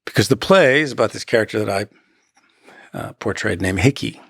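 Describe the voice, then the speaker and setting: A man's voice: fairly low pitch, animated, a little fast, creaky, a bit bright, husky, dry recording, studio quality. A man in his sixties, a guest actor in a conversational interview, reflective and given to anecdotes.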